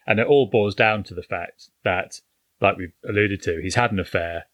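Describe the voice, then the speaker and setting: Deep-voiced man recapping a film. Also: normal speed, fairly bright tone, no echo. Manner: retells scenes, swears casually. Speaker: podcast co-host. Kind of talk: casual film review chat.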